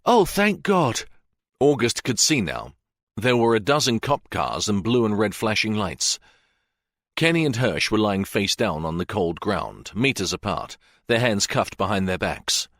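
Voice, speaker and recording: A man with a low voice narrates a fiction audiobook, steady and measured, letting his pitch rise and fall expressively. The recording is dry and close to the mic. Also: dry recording. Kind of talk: scripted narration.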